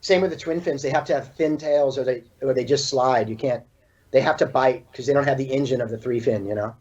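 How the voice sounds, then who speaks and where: Fast-talking husky-voiced man on a call. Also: medium pitch, a little mellow. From California. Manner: fast, loose talk full of "like" and "you know". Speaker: surfboard shaper, guest. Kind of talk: casual interview chat. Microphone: video call. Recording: dull, lo-fi video call audio.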